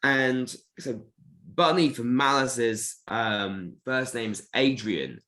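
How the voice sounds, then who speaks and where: A man talks in a relaxed interview over what sounds like a video call. He rambles, piling up fillers and restarts as he works through a story. His pitch sits in the middle of the range for a man. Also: takes it slowly. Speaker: robot combat team member. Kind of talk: casual interview chat.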